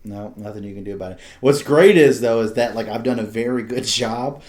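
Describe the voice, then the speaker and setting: A man's voice: medium pitch, a little fast, darkish tone. A young man hosting a podcast, chatting casually, laughing often and swearing freely. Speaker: podcast host. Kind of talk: casual chat.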